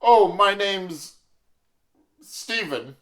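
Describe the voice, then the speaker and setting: A man improvising a smooth-talking suitor who croons his lines and later coughs from smoking, in an audio comedy. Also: sits high, expressive, very slow, a bit bright, exaggerated voice. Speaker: improv performer.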